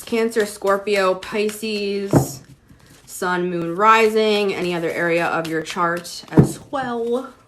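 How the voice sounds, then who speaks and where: A woman's voice: medium pitch, background noise. A woman giving a casual livestream tarot reading, chatting with viewers and using lots of "like". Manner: chatty, talks to viewers, many "like"s.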